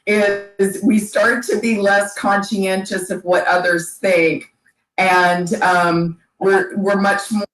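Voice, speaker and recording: A middle-aged woman as an interview guest, speaking haltingly with many pauses and restarts. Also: mid-range voice, level tone, fairly bright tone. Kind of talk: casual interview chat. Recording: echoey room.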